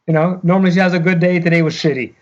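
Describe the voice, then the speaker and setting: A male co-host chimes in with short, crude reactions during casual chat. His voice sits slightly high. The recording sounds muffled and lo-fi. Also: flat delivery, rapid-fire. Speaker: podcast co-host. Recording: lo-fi podcast recording.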